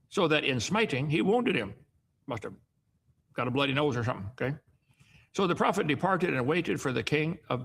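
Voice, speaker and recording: A man's voice: fairly high pitch, gravelly, a bit bright, slightly rough. A middle-aged man reading Bible passages aloud and breaking off into folksy asides that often end in "okay?". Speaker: Bible teacher. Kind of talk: reading and commenting on scripture.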